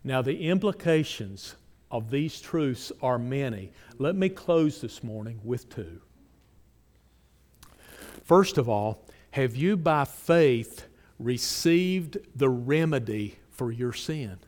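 A man's voice: mid-range voice, animated, slow, darkish tone, long reverb tail. A man preaching a sermon, reading scripture aloud with strong emphasis and putting pointed questions to his congregation.

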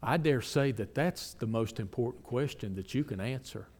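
A man's voice: medium pitch, moderate pace, darkish tone, in a large hall. A man preaching a sermon, reading scripture aloud with strong emphasis and putting pointed questions to his congregation.

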